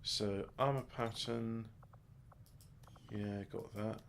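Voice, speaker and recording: A man's voice: on the low side, fairly even intonation, takes it slowly, creaky, a little hiss or hum. A man muttering his way through a game in casual let's play commentary, with crude offhand jokes. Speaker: gamer.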